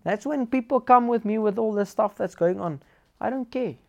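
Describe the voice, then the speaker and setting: A preacher with a South African accent shares lively personal stories in his sermon, blending Afrikaans words with English. His voice sits high with vocal fry at normal speed, and the high frequencies are cut off.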